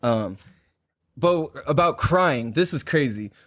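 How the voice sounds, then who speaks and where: A man's voice: mid-range voice, slow pace, dry recording, studio quality. A young man hosting a podcast, chatting casually and telling stories full of swearing and filler words. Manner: profane, animated storytelling with many "like"s. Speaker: podcast host. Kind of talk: casual chat.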